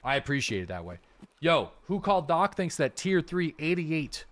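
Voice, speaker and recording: A man's voice: on the high side, normal speed. A man streaming a game live, chatting casually with his viewers and thanking subscribers by name. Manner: relaxed and chatty, with frequent fillers and asides to chat. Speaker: livestreaming gamer and host.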